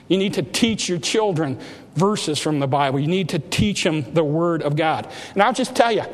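Male pastor, high voice, emphatic rising sermon delivery, recorded in a reverberant church. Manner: emphatic preaching with rising exhortations. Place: church sanctuary. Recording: hall reverb.

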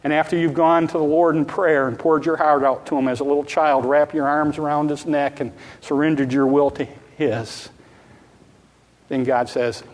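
A man's voice: a little high, fairly even intonation, normal speed, a little mellow. A man preaching a sermon, earnest and repetitive, sometimes acting out a child's pleading prayer. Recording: long reverb of a large hall.

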